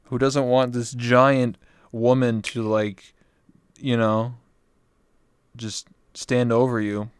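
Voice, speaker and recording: A man's voice: mid-range voice, level tone, slow, pauses often, smooth, no echo, studio quality. A young man hosting a casual late-night stream interview, loose and jokey, swearing often. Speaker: interview show host.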